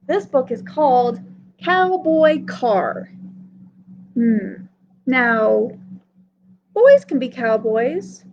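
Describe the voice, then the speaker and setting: Children's librarian at story time, woman, high and expressive, muffled lo-fi audio. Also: a little hiss or hum.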